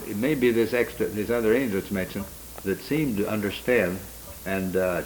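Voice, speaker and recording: Man, very low voice, Bible study teacher; meandering delivery, faint tape hiss. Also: poor audio. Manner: rambling, unhurried, with frequent restarts and fillers.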